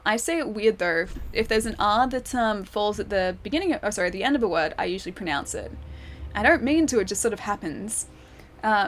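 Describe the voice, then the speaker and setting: A young Australian woman streams a game live, chatting casually, giggling often, and answering her chat. Her voice is medium-pitched, with a little hiss or hum in the audio.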